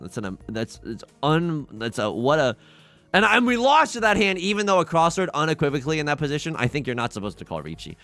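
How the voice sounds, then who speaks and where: Excitable gravelly male game streamer. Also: on the high side. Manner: wildly swinging, shouts and cries out, laughs often. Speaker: streamer playing online mahjong. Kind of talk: casual live-stream commentary.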